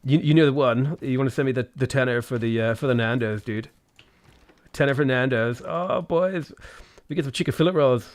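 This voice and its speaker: A man's voice: mid-range voice, fairly quick, no echo, lightly acted. A man doing a smug posh Dublin lad. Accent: posh South Dublin (D4). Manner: laid-back, smug, dude-speak.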